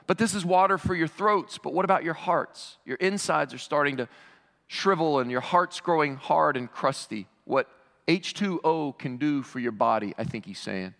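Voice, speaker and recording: A man preaching a sermon as pastor, animated and emphatic, his voice climbing to shouts on key lines. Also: mid-range voice, moderate pace, in a large hall.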